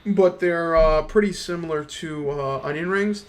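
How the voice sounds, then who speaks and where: A man's voice: a little high, unhurried. A young man streaming a game from his computer, ranting in a casual, profane, slang-heavy way. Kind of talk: casual gaming stream rant.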